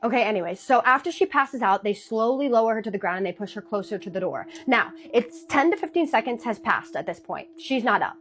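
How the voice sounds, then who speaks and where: A woman's voice: a little high, lively intonation, fairly bright tone. A woman narrating a true scary story in a chatty, dramatic storytime manner. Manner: chatty, dramatic retelling with pauses.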